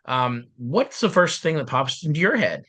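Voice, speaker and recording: A male podcast host chatting casually, joking and filling with "uh", his voice a little deeper and rough after being ill. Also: sing-song, normal speed, pushed and bright, no room sound. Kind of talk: casual chat.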